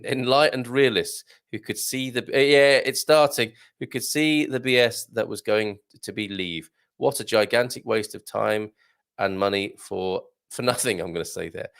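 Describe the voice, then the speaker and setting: A man's voice: medium pitch, gravelly. A man hosting a live stream, reading viewer comments and musing aloud in a wry, rambling way. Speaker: online community host.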